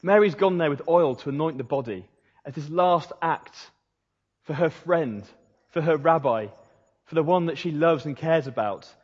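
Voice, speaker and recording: A man preaching a sermon and telling a story, lively, then dropping to a hushed voice to stress a point. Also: fairly high pitch, normal speed, husky. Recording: dull sound with long hall reverb.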